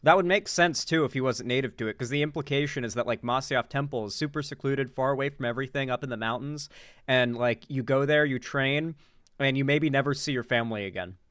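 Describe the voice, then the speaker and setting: A man's voice: mid-range voice, quick pace, a bit bright, clear, resonant tone, no echo, studio quality. A man doing casual live-stream commentary, rambling with lots of "like" and swearing freely.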